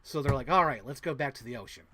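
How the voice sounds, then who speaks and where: A man hosting a podcast, excitedly retelling a movie plot to his co-host, swearing often and humming sound effects. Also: medium pitch, fast, slight background noise. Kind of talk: animated movie recap to a co-host.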